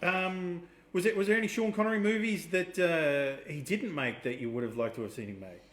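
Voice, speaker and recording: An Australian man co-hosting a casual chat show, laid-back and quick with short agreements. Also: sits high, a bit bright, echoey room. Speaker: podcast co-host.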